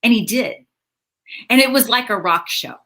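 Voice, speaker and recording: A middle-aged woman comedian telling stories in a casual interview, animated and full of repeats and restarts. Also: a little high, normal speed. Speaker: stand-up comedian guest.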